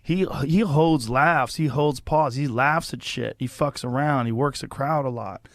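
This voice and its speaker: A man's voice: medium pitch, a little slow, dry recording, studio quality. A man in a casual chat, telling an emphatic story about how a comedian works.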